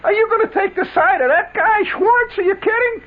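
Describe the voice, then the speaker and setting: A man voicing an indignant young carpool rider who yells that he has had enough. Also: extremely high pitch, moderate pace, voice pushed up. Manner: indignant, yelling. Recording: narrow phone-like radio sound.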